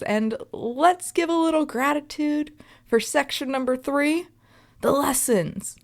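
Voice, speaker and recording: A woman's voice: high voice, slow. A woman in her thirties hosting a solo podcast, reflecting in an emphatic, conversational way and often checking in with her listeners. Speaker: podcast host.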